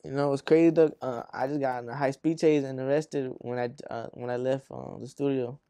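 A man's voice: mid-range voice, steady tone, fairly quick, vocal fry, mellow, smooth, no echo. A man from Arizona, a rapper being interviewed, telling long stories in profane street slang with lots of fillers and acting out the voices of people in them. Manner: acts out voices in his stories. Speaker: rapper guest. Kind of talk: casual storytelling interview.

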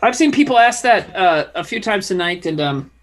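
A man's voice: high voice, normal speed, over a noisy crowd. A man on a casual comedy stream, reading viewer questions aloud and rambling through an answer. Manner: relaxed, rambling, restarts often. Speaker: comedy group member reading chat.

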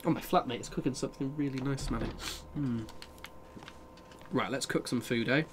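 A man's voice: mid-range voice, moderate pace, background noise. A young man live-streaming a game, chatting casually with viewers, reading their messages and swearing freely. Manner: chatty, sweary, reads and answers chat.

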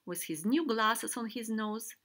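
A woman reading a children's picture book aloud, animated and sometimes dropping to a whisper. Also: a little high, unhurried. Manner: animated, switching voices for characters, soft whispers. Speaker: storybook reader. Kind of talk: children's read-aloud narration.

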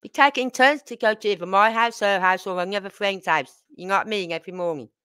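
A woman's voice: medium pitch, quick pace, bright, forceful tone, smooth. A middle-aged woman, telling blunt, salty stories casually to her viewers as a channel host. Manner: blunt, salty, tells stories with acted quotes. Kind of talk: casual storytelling to camera.

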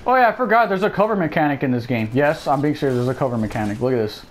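Speaking very fast in an expressive voice on the high side, this man keeps up joking, sarcastic commentary during a casual let's play. The recording is rough, with slight background noise.

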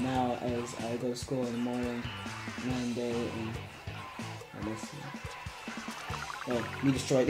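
A male game streamer giving casual live-stream commentary, rambling and playful, now and then chanting a word in sudden high squeals. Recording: echoey room with faint game music.

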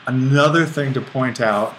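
A man with a bright, forward voice gives a screencast grammar lecture, thinking aloud and catching his own slips as he writes on the board. A faint hiss runs underneath the recording. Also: mid-range voice, normal speed, low-quality recording. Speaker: Greek instructor.

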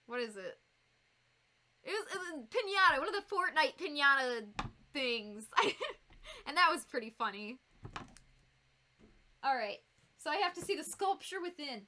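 A woman with a Northern US accent chatting casually on a live stream while she builds a fursuit, bubbly and quick to giggle as she talks to her viewers. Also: high voice, expressive, pushed and bright, slight background noise. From United States.

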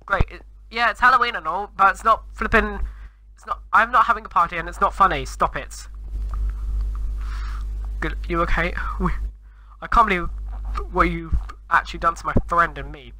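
A man talks over his Minecraft gameplay in a high, sharply bright voice. He sounds flustered and rambling, and he often breaks into exclamations. Soft music sits faintly underneath. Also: normal speed, long pauses, poor audio. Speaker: gamer.

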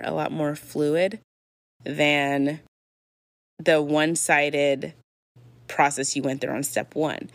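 A woman's voice: low voice, no echo. A woman hosting a podcast, giving candid, emphatic advice in a casual talk, sometimes acting out example apologies. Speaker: podcast host.

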